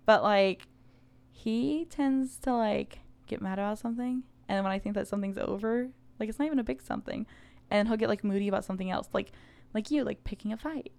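A young woman with a strongly gravelly, fry-laden voice, chatting on a podcast. She tells stories in a lively way, acting out what people said and leaning heavily on "like". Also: mid-range voice, fairly quick. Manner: animated storyteller, acts out quotes, heavy use of "like". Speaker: podcast co-host. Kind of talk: casual chat.

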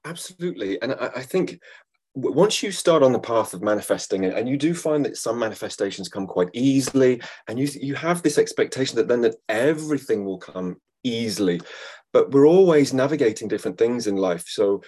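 Husky-voiced man podcast guest. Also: medium pitch, animated, a little fast. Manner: gentle, chatty, laughs easily. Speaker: guest, law of attraction and yoga teacher. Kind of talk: casual podcast chat. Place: studio.

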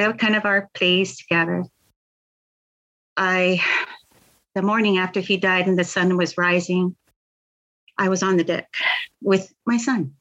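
A woman's voice: lowish voice, a bit bright, lo-fi sound. A middle-aged woman, telling her story in an interview, earnest and impassioned, often repeating words. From Hawaii. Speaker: victims' advocate, guest.

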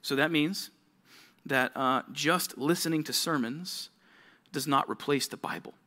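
A man's voice: on the high side, unhurried, bright, forceful tone. A young man, a youth pastor, giving a casual, conversational sermon to teenagers, full of rhetorical questions.

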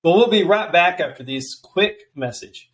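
A man's voice: high-pitched, expressive, normal speed, fairly bright tone, rough recording. A man hosting a radio talk show, reacting enthusiastically to his guest and reading a promo before a break.

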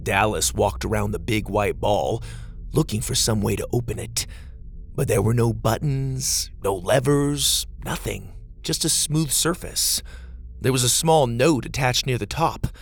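A man narrating a children's story in a gentle, steady storytelling manner. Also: mid-range voice, a little slow, creaky.

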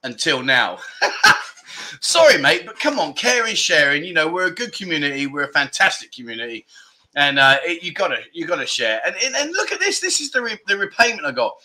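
A man hosting a casual livestream, chatty and quick to laugh as he greets viewers and rambles through stories. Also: fairly high pitch, very animated, bright, forceful tone. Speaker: livestream host.

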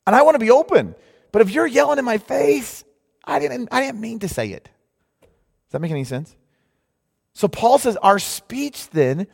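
A man preaching a sermon in an animated, conversational way, sometimes mocking the voices of others. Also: high voice, breathy edge. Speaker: pastor. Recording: long hall reverb.

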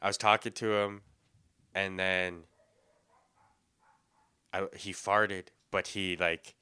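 Chill guy talking slow, real bright clear voice, laughs a bunch. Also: low voice, little pitch movement. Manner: slow, laid-back anecdotes, frequent laughter. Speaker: podcast co-host. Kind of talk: casual chat.

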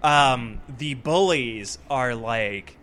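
Casting: man, unhurried podcast co-host, bright and forceful tone, thoughtful. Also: mid-range voice. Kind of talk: casual movie review chat.

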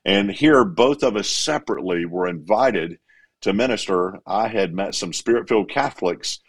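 A middle-aged man, an evangelist guest in an interview, telling his story in an animated way. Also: fairly low pitch, normal speed. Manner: animated, acts out quotes.

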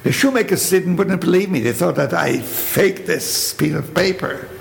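An older man with a German accent tells his story vividly, now and then acting out the voices of people he quotes. His voice is heavily gravelly and sits a little high. The recording is echoey, with long reverb and faint background noise. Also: moderate pace. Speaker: Holocaust survivor telling his story. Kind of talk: spoken testimony.

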